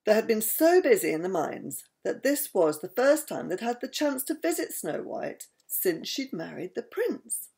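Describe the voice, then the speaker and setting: A woman's voice: mid-range voice, big pitch swings, moderate pace, vocal fry, hardly any pauses, mellow, slightly rough. Affectionate older grandmother at bedtime. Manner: affectionate, chatty, with fillers. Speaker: grandmother reading a bedtime story. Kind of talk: bedtime story reading to grandchildren.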